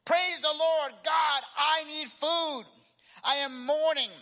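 A man preaching a sermon voices a bold, fervent elderly woman who shouts her praise. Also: steady tone, heavily acted. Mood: jubilant shouting. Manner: shouting praise high and slow.

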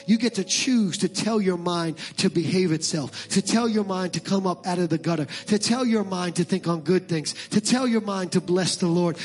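A pastor preaches a sermon, his voice sitting high as he swings between impassioned, shouted calls and relaxed conversational asides.

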